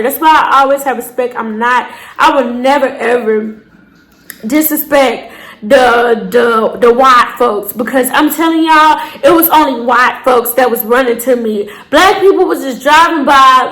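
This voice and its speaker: A young woman tells a wild story straight to her viewers. She is loose, animated and dramatic, and breaks into shouted bursts and cursing as she acts out the moment. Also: high voice. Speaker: storytime vlogger. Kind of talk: casual storytelling to camera.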